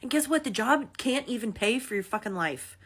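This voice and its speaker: A woman in her thirties rants into her phone, exasperated and swearing freely. Her voice sits a little high and keeps climbing as the frustration builds. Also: animated, moderate pace, breathy edge. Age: 30s. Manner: exasperated, swearing, rising to shouts. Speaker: mother venting about costs. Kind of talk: emotional vlog rant.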